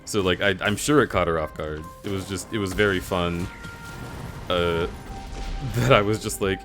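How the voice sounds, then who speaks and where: A man chatting casually on a live stream, telling stories with lots of laughter and jumping up high in pitch whenever he quotes someone. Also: moderate pace, soft background music. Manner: animated storyteller, laughs often, jumps high in pitch when quoting others.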